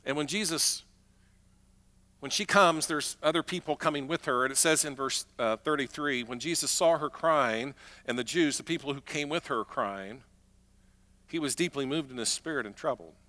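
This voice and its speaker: A man preaching a sermon as pastor, emphatic, swinging between loud declarations and hushed, slow moments. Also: a little high.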